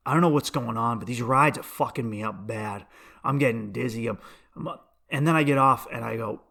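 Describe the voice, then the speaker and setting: Brief: male comedian host, casual rambling monologue, sharp bright tone, medium pitch. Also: brisk, vocal fry. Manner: rambling storytelling, self-interrupting with restarts and asides.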